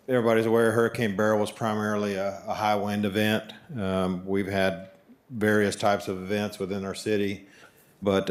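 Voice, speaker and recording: A man on city staff giving a formal report to a council, measured and pausing often on "uh". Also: fairly low pitch. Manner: measured, with frequent "uh" pauses. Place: council chambers.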